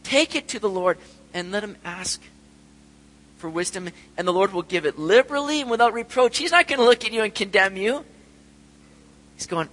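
A man's voice: high-pitched, animated, moderate pace, pauses often, fairly bright tone, in a large hall, a little hiss or hum, rough recording. A middle-aged man preaching a sermon in an earnest way, sometimes acting out prayers and voices. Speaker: pastor.

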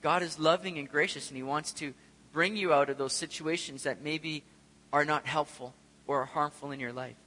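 Speaking at a normal speed with fairly even intonation, this pastor delivers his sermon in a voice on the high side that sounds pushed and bright. He addresses the congregation conversationally, asking them rhetorical questions, while a long hall reverb trails his words.

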